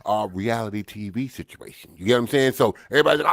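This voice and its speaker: A man's voice: mid-range voice, racing, hardly any pauses, darkish tone, dry recording. Loose New York male co-host, casual storyteller, dry close mic. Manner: loose, swearing, storytelling with lots of "you know what I mean". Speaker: podcast co-host. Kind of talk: casual chat.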